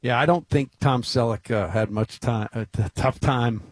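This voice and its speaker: A man co-hosting a sports radio show, trading jokes and quick asides. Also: medium pitch, no room sound. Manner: joking, wisecracking. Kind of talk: casual sports radio chat.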